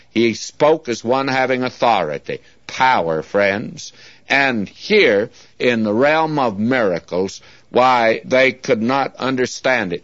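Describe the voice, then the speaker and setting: A man's voice: medium pitch, fairly bright tone, dry recording. A man preaching a sermon as a Bible teacher, earnest and folksy, often calling his listeners friends. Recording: dull lo-fi dry recording.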